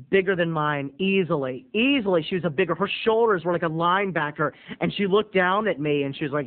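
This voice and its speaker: A man telling a comic personal story to viewers in an animated way, addressing them directly. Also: on the high side. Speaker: video blogger. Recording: tinny phone-like audio.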